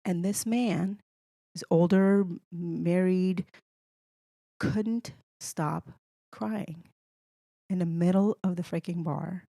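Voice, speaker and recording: A young woman from Iran tells a personal story as a podcast guest, jumping between restarts and little acted-out exchanges. Her voice sits a bit low for a woman. The recording is close and dry, with no room sound. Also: slow pace, gravelly, pauses often, dry recording. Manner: animated, restarts often, acts out quoted dialogue. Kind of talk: emotional storytelling in casual conversation.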